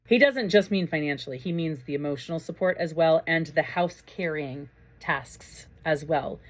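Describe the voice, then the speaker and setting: Midwestern mom vlogger, kinda low voice, chatty and gushy, laughs a lot while she talks to the camera. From Minnesota. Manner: chatty and effusive, laughs often. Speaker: parent vlogger. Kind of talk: casual storytelling to camera.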